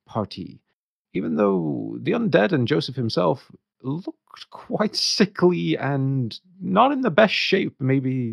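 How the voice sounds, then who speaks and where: Gravelly man hosting a game. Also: mid-range voice, no echo. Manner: hesitant, lots of uh fillers. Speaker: dungeon master and host. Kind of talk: recapping a tabletop game session. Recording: dull, slightly lo-fi podcast audio.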